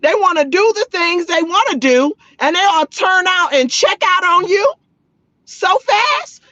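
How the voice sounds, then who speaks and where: A woman's voice: very high-pitched, expressive, a little slow, pushed and bright, no echo, highs cut off. A woman hosting a livestream in a sassy, mocking way, talking to her chat. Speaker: livestream host. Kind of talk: livestream chat reacting to viewers.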